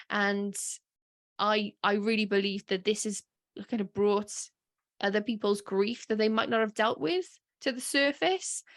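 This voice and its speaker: A woman co-hosting a casual podcast chat, talking emotionally with lots of fillers. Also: mid-range voice. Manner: chatty and emotional, with frequent fillers and laughs. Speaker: podcast co-host.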